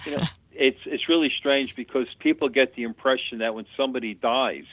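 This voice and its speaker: Guy on a phone call spinning a story, plain-spoken, mid pitch, tinny and dry. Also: fairly quick, slight background noise. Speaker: guest medium. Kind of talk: telling anecdotes in an interview.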